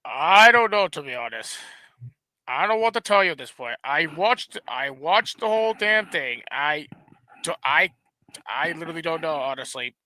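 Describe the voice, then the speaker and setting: A man's voice: a little high, lively intonation, normal speed, bright, forceful tone, no echo, low-quality recording. A man co-hosting a casual sports stream, blunt and opinionated, stumbling over restarts and swearing now and then. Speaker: co-host.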